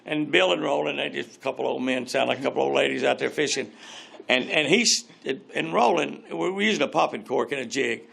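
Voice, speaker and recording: An older man, telling rambling, animated fishing stories as an interview guest. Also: mid-range voice, fairly quick, creaky, slightly rough. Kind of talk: casual storytelling interview.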